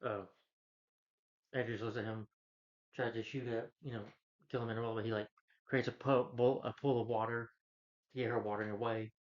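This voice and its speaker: A man's voice: medium pitch, little pitch movement, fairly quick, long pauses. A man casually retelling a film's plot as a reviewer, rambling, with frequent restarts. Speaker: film reviewer. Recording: dull lo-fi recording.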